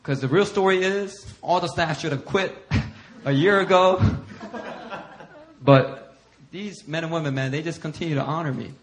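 A middle-aged male pastor preaching a sermon. He tells stories against himself in an animated way and acts out what other people said. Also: a little high, moderate pace. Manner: animated self-deprecating storytelling, acting out others' lines. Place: church sanctuary.

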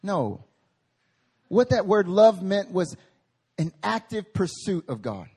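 A man preaching a sermon at a prayer meeting, animated and conversational, with humorous tangents. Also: high-pitched, slow pace, breathy edge. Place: meeting hall.

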